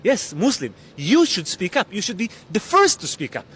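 A man's voice: high voice, wildly swooping pitch, moderate pace, fairly bright tone, slightly rough. A man delivering a scripted opinion monologue to camera, emphatic and full of rhetorical questions. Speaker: video creator.

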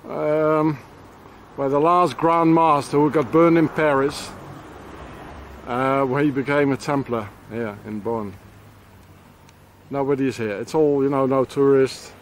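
A man's voice: medium pitch, steady tone, unhurried, long pauses, slight background noise. A man rambling on a walk-and-talk travel vlog outdoors in a town, with many fillers and restarts. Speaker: travel vlogger.

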